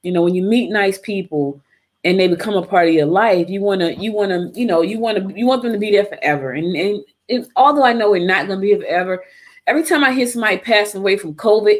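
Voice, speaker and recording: A woman hosting a live show in casual chat, talking straight to her listeners and repeating her points. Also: on the low side. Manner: chatty, repeats phrases, addresses listeners as y'all. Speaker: host.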